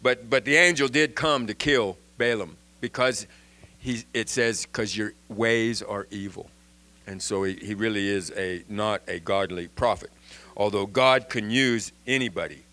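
A man giving an informal Bible lesson in an animated way, often restarting and repeating words. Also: lowish voice, moderate pace. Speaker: Bible teacher.

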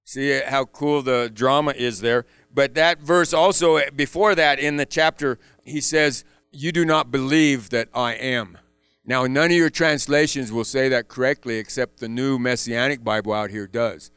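A man's voice: mid-range voice, moderate pace, few pauses, smooth, dry recording. Male preacher, resonant tone, dry close sound, engaging and rhetorical, for sermon reads. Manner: lively, asks the audience rhetorical questions. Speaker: Bible teacher.

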